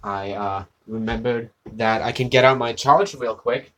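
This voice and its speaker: A man's voice: mid-range voice, fairly even intonation, a little slow, noisy background. A tired man chatting casually on a live art stream, rambling and self-deprecating, with casual swearing.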